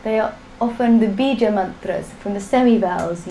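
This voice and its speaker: A woman's voice: mid-range voice, normal speed, few pauses, background noise. A woman teaching a live online language class, drilling sounds patiently for students to repeat. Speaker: Sanskrit teacher.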